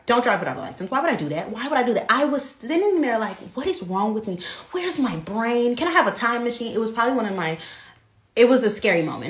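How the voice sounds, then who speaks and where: A nineteen-year-old woman telling a story to camera, animated and chatty with lots of fillers. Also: medium pitch, roomy sound. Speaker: content creator.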